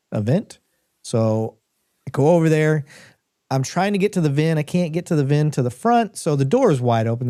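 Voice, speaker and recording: A middle-aged man co-hosting a live podcast, telling a story in a casual, animated way with bursts of laughter. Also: medium pitch, no echo, studio quality. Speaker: podcast co-host.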